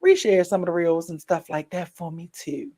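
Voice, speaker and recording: A woman's voice: on the low side, fairly even intonation, moderate pace, dark tone. Tired, chatty woman livestream host. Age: adult with a daughter. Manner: chatty, encouraging, loose slangy talk. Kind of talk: casual sign-off chat with viewers.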